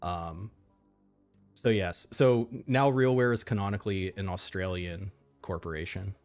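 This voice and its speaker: A man's voice: low-pitched, a little slow, a little mellow, soft background music. An American man giving casual, rambling game commentary, laughing often and restarting his sentences. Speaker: streamer.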